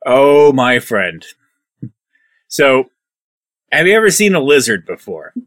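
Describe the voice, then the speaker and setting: Bright dry-voiced man playing a tabletop character. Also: medium pitch, big pitch swings, no room sound. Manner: dry, sarcastic, quick. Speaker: player.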